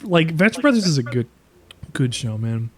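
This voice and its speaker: Casual male game streamer, jokey and profane, higher voice with lively swings. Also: normal speed, soft background music. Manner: joking, swears, reads dialogue aloud.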